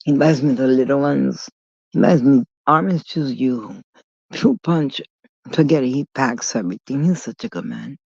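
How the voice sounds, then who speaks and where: A woman's voice: extremely low pitch, moderate pace, creaky, darkish tone, slightly rough, no room sound. A woman vlogger telling a long story in a rambling, digressive way, blunt and full of swearing. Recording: dull lo-fi recording.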